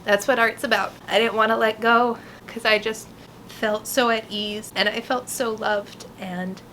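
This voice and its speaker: A woman's voice: a little high, steady tone, measured pace, bright, forceful tone, a little hiss or hum, rough recording. A woman hosting her own vlog, talking in a casual, earnest and heartfelt way as she explains a tarot card and the art she is making for it. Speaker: vlogger and tarot artist.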